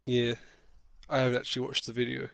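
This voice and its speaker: A man in casual chat with friends, playful and quick to laugh, stumbling over his words. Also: medium pitch, monotone, creaky, background noise. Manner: playful, laughs often, hesitant restarts. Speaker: gaming chat co-host.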